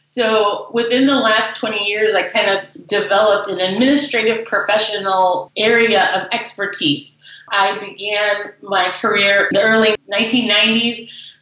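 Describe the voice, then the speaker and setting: A woman in her forties from the Chicago suburbs, chatting as an interview guest and telling stories with lots of fillers. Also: mid-range voice. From Chicago suburbs, USA. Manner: chatty, animated storyteller with fillers. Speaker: guest, business founder. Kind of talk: casual interview storytelling. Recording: very echoey, dull lo-fi remote audio.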